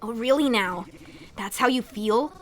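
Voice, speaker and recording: A woman reading game dialogue aloud, voicing an angry, foul-mouthed young man who talks loud and scornful. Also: fairly high pitch, unhurried, a little hiss or hum, voice pushed down, lightly acted.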